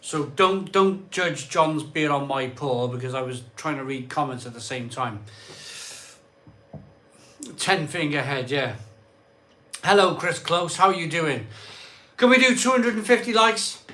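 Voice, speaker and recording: A man's voice: a little high, sharp tone. Chatty man reading viewer comments. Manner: chatty, rattles off place names in a quick list; swears mildly, jokey banter with viewers. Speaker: live stream host. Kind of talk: casual live stream chat, reading out viewer comments.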